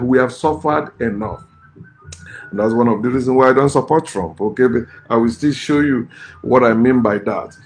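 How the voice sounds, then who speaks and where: A man's voice: medium pitch, a little mellow. A man, a vlogger giving ranting, scornful political commentary in a blunt way. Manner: blunt, scornful, repeats curses.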